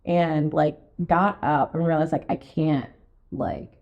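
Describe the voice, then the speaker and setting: A woman co-hosting a podcast in casual chat, telling stories full of fillers and acting out her own quotes in a high voice. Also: takes it slowly, creaky. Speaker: podcast co-host, real estate marketing and sales director. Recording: dull lo-fi podcast recording.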